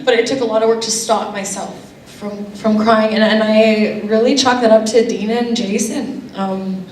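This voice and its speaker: A woman's voice: medium pitch, moderate pace, hardly any pauses, far from the mic, a little hiss or hum. A young woman, an actor guest on a convention panel, chatting casually with frequent laughs. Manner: chatty, laughs often, lively asides. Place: convention hall. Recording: echoey hall, picked up from afar.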